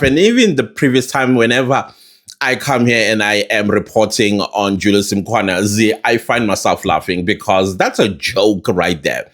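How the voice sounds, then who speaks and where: A South African man giving casual commentary to his viewers, animated and laughing often, with big swings in his voice. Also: lowish voice, measured pace. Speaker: news commentator.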